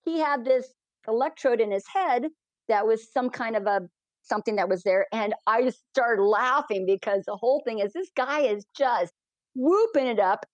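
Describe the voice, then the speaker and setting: A woman's voice: fairly high pitch, normal speed, dry recording. A woman, a balloon pilot, telling a story as an interview guest and acting out the people in it. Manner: animated, acts out the people in her stories. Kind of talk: storytelling in a conversation.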